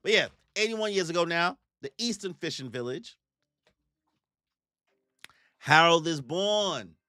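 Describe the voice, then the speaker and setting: A man's voice: fairly high pitch, measured pace, no echo, studio quality. A young man doing live reaction commentary on a manga chapter, joking and slangy, acting out the characters as he goes. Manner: joking, animated, slangy, acts out characters in put-on voices.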